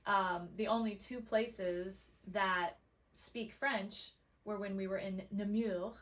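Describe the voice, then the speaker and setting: A Canadian woman co-hosting a podcast in a studio, telling stories in casual chat with quick asides. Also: medium pitch, fairly even intonation. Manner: chatty storyteller, quick asides. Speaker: podcast co-host.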